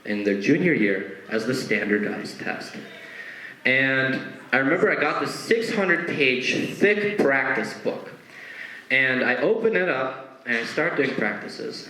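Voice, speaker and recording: A man's voice: medium pitch, sharp tone, roomy sound, a little hiss or hum, poor audio. A young man from Connecticut performing musical stand-up, telling a story and acting out its characters on a stage before an audience. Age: young adult. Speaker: comedian.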